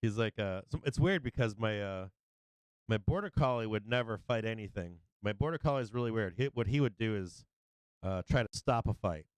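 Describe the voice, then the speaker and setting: A man's voice: lowish voice, animated, fairly quick, clear, resonant tone, no echo. A man hosting a livestream, telling rambling stories in casual chat, swearing and laughing often. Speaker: livestream host.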